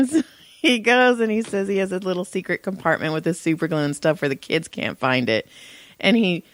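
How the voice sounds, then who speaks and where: A woman's voice: on the low side, fairly quick, no echo. A woman in her thirties co-hosting a podcast, telling stories in casual chat and laughing often. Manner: laughs a lot while telling stories, animated. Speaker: podcast co-host.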